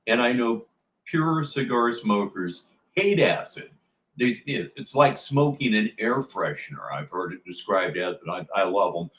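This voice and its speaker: A man's voice: lowish voice, expressive, unhurried, a bit bright, reverberant. Sarcastic rambling male streamer. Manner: sarcastic, rambling, swears casually. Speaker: livestream host. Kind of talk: casual commentary over played clips.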